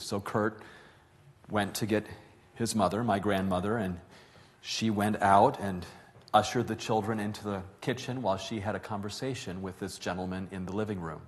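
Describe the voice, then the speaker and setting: A man's voice: on the low side, fairly even intonation, moderate pace. A middle-aged man preaching, telling a family story in an earnest way that builds to emphatic stretches. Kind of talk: sermon storytelling.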